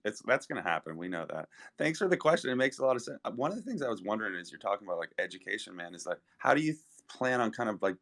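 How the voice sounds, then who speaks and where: A man's voice: low-pitched, fairly bright tone. A man in a casual audio chat, laid-back, using casual slang as he asks a question.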